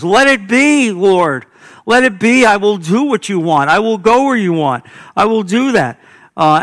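A man's voice: fairly high pitch, a bit bright. A middle-aged man preaching a sermon, telling stories in an earnest, emphatic way. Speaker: pastor.

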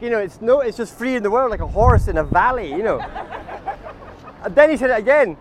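A man's voice: high-pitched, lively intonation, a little fast, slight background noise. A man leading a walking group outdoors on a city street, telling chatty, absurd comic stories and calling everyone guys. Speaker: comic tour guide.

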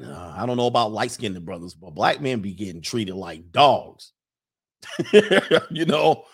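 A man hosting a casual livestream, reading viewer messages aloud and answering in an animated, joking way. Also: mid-range voice. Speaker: livestream host reading super chats.

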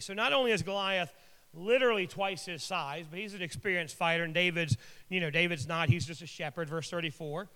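Bright-voiced man preaching in a reverberant hall. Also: high voice, a little fast, clear, resonant tone. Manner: conversational, joking asides. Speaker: pastor. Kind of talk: sermon with casual storytelling.

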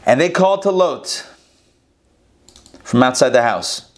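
A man teaching a scripture class with animated delivery, rhetorical questions and playful asides. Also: medium pitch, unhurried. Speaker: Bible teacher.

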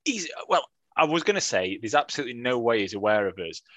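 A man co-hosting a casual podcast chat, joking and restarting his sentences. His voice sits at an ordinary pitch, and the recording is dry and close. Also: sing-song, fast talker, fairly bright tone, dry recording. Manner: joking, chatty, with many restarts. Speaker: podcast co-host.

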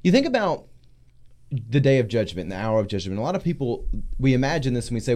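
A pastor talking through scripture in a casual discussion, acting out biblical figures with loud, slow emphasis. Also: male voice, mid-range voice. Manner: animated, acts out voices of biblical figures loudly and slowly. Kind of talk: preaching in a casual group discussion.

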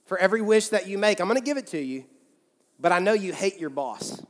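A man's voice: high-pitched, animated, brisk. A man voicing an irritated male genie who grants wishes with a spiteful catch, speaking in a grudging, scheming way.

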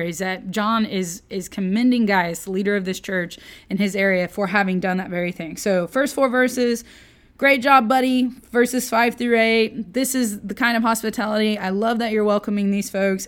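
Chatty woman teaching the Bible. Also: medium pitch. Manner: chatty and playful, with jokey asides.

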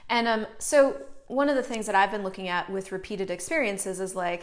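A woman with a mid-range voice hosts a casual live online show at normal speed, talking animatedly to viewers. She's chatty, greets viewers by name mid-sentence as she goes, and swears now and then for emphasis.

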